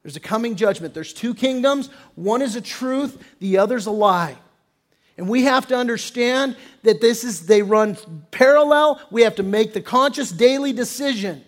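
A male pastor delivering a sermon with emphatic preaching, punching words loudly and then dropping low, and acting out quoted attitudes. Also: normal speed. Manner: emphatic preaching with sudden loud stresses and drops; acts out quoted attitudes in character.

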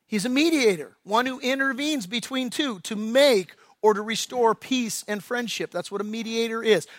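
A male pastor preaching a sermon, swinging between loud, emphatic lines and hushed, slow appeals. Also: extremely high pitch, no echo. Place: church.

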